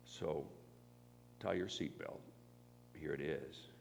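A man preaching a sermon, animated, who swings into loud emphatic bursts when acting out pleas and reading scripture. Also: rumbling low, takes it slowly, vocal fry. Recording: long hall reverb, faint hum.

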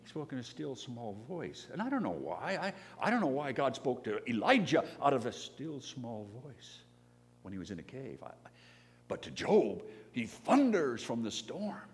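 A man preaching a sermon, animated, who swings into loud emphatic bursts when acting out pleas and reading scripture. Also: medium pitch, moderate pace. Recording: long hall reverb, faint hum.

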